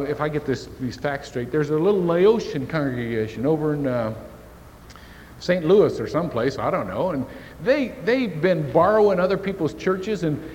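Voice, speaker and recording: A man preaching a sermon as pastor, telling a folksy story to make his point. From Indiana. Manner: folksy storytelling with lively shifts in pitch. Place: church sanctuary. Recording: church hall reverb, faint hiss.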